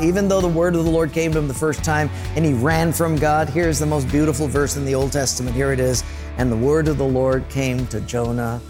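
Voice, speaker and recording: With music in the background, a pastor preaches in a steady voice on the high side, at a fairly quick pace. He tells stories throughout his sermon and acts out voices and sounds.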